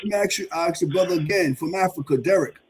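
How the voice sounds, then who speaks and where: A man's voice: high voice, quick pace, slight background noise. A man in his fifties, pressing a guest with insistent, repeated questions in a debate. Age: 50s. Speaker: panelist.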